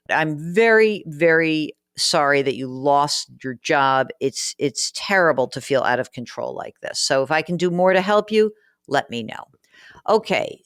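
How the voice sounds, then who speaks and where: This low-voiced woman hosts a personal finance podcast, chatting frankly and teasingly as she answers listener letters with casual advice. The recording is studio quality, with no room sound at all.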